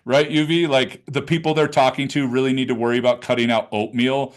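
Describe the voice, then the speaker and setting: A man coaching a live online class over a video call, with a mid-range voice. He talks casually and with energy, now and then dropping into a low throaty tone to show how a question should sound. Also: brisk, few pauses. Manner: animated, demonstrative, conversational, drops into low throaty demonstrations. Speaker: business coach. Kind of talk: live webinar teaching.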